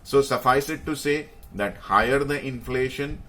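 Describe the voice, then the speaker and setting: A man's voice: medium pitch, expressive, normal speed, hardly any pauses, fairly bright tone. A man explaining investing to viewers, hesitating often with fillers and stressing key phrases. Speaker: market commentator.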